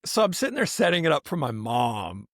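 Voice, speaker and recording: A man co-hosts a casual podcast, telling stories in a rambling, animated way full of restarts. His voice sits a bit high. The sound is dry and close. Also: brisk, dry recording. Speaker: podcast co-host. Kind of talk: casual chat.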